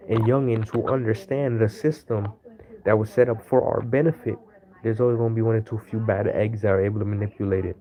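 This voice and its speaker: Man, fairly low voice, rambling off-the-cuff monologue, lots of fillers, slightly muffled recording. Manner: rambling, searching for words with many fillers. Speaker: astrology video host. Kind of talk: unscripted monologue.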